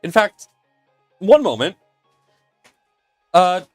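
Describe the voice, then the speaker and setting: A man's voice: high voice, big pitch swings, very slow, faint music behind. A man hosting a casual livestream from his home workshop, earnest and emotional, often restarting his sentences. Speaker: livestream host and maker.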